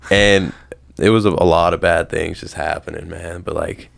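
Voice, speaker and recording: A young man with a very low voice tells a long story in a casual podcast chat. He rambles and swears freely. His tone stays smooth and clear. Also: fairly even intonation, normal speed. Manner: slangy, rambling, swears often. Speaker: podcast host.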